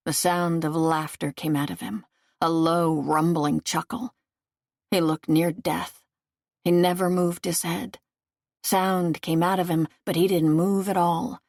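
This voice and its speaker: A woman narrating an audiobook in a measured, unhurried reading. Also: on the low side, level tone, darkish tone, dry recording, studio quality. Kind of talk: scripted narration.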